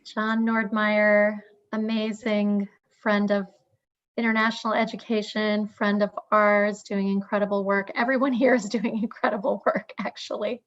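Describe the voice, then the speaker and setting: A woman's voice: medium pitch, level tone, normal speed. A woman co-hosting a webinar, cheerfully reading out where attendees are joining from over a video call. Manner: upbeat, reads out attendee locations. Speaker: webinar co-host. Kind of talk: casual greetings before a webinar. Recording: dull lo-fi video call audio.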